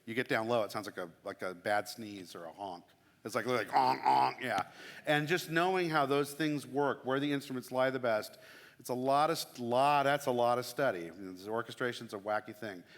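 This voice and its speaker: Speaking briskly in a medium-pitched, fairly bright voice, a man who directs church music talks enthusiastically about his work. He's chatty and self-deprecating, and the sanctuary gives the audio a long hall reverb.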